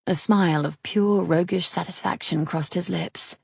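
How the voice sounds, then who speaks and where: A woman narrating a romance audiobook in an intimate, husky reading. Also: on the low side, steady tone, a little slow, darkish tone, no room sound, studio quality.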